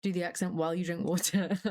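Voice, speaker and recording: A young woman streaming live, chatting casually with her chat in a scattered way, swearing freely and laughing often. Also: fairly low pitch.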